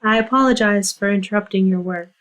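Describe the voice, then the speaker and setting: A woman voicing a polite, earnest female spirit guide who apologizes and pleads softly. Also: mid-range voice, quick pace, close to an everyday voice.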